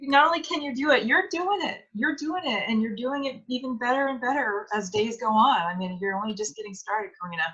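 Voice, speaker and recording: A woman hosts a live online event, gushing with enthusiasm in a bright, forward voice. The audio is dull and lo-fi. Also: a little high, a little fast, few pauses, slightly rough. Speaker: host of a live sales event. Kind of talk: upbeat hosting.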